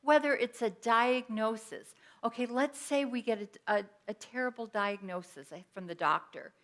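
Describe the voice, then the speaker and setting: A woman's voice: on the high side, moderate pace, fairly bright tone. A woman minister giving an earnest, personal sermon in a conversational teaching style with everyday examples.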